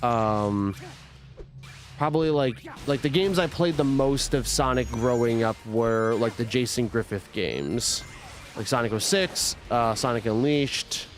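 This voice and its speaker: A man's voice: medium pitch, measured pace. A young man streaming a game and chatting casually, rambling with many restarts and filler words. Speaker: gaming streamer. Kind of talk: casual chat while playing a game.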